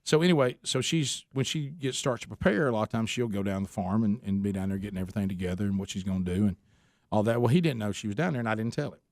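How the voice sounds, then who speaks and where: Hosting a radio talk show, a man tells a long story in a casual, folksy manner, using Southern phrasing and putting on a friend's voice for quotes. He's an animated storyteller with a lowish voice and a fast pace, recorded with no room sound.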